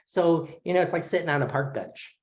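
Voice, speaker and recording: A man in his forties teaching an online therapy class, talking in a relaxed, conversational way with many fillers over a video call. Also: fairly high pitch, a little fast. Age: 40s. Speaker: craniosacral therapy instructor. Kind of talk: casual online lecture.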